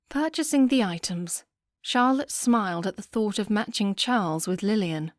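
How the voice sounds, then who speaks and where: A woman narrating a romance audiobook in a calm, even storytelling manner. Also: medium pitch, moderate pace, no echo, clean studio sound.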